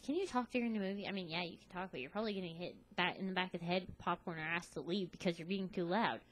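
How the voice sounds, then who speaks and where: A woman's voice: mid-range voice, slight background noise, low-quality recording. Young woman ranting to her webcam, sassy, keeps doing little voices for other people. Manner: sassy, animated, acts out quoted voices. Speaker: vlogger. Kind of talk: casual ranting vlog.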